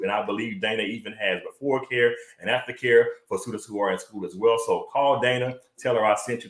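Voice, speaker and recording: A man with a fairly low voice hosts his live web show. He talks in an excited, chatty rush and circles back over his own words. The room around him has a noticeable echo. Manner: excited, chatty, repeats himself often. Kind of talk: energetic livestream monologue.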